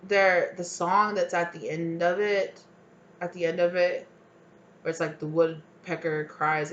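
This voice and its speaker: A woman with a fairly low voice reads tarot for her viewers. She rambles through fillers and restarts, then slips into heartfelt pleading lines as if speaking for someone else. The recording is dull and lo-fi, with a faint hum of ambience behind her. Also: level tone, measured pace. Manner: emotive, voices imagined partner's pleas. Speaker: tarot reader. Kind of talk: channeled tarot reading.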